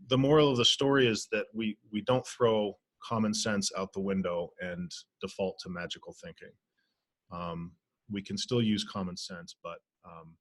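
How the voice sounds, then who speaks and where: Low-voiced gentle spiritual teacher. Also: male voice, no echo. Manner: gentle, reflective, with many fillers. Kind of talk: healing circle talk. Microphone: video call.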